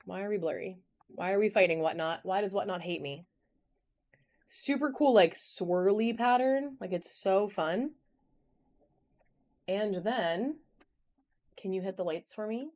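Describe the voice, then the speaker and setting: A cheerful woman with an average-pitched voice runs a live-stream sale. She chats in a bubbly way and calls out to viewers by name as she shows each piece. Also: measured pace, pauses often, a little mellow. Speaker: live auction seller. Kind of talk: live-stream sales chat. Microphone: phone camera.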